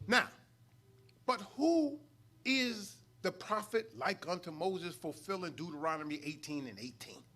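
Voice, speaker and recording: This middle-aged man from New York has a high, sharp, expressive voice and speaks a little slowly. As a student minister in a mosque hall, he delivers a preacherly study lesson that builds to emphatic peaks and includes call-outs to the congregation.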